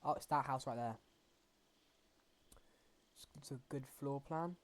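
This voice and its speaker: A man's voice: mid-range voice, measured pace. A man hosting a gaming channel, talking to himself as he plays in loose, rambling commentary full of fillers and restarts. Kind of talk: casual gameplay commentary.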